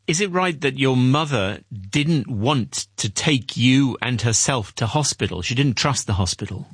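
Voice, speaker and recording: A man interviewing for a news report, asking short, gentle, prompting questions. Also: mid-range voice, animated, measured pace, breathy edge, no room sound.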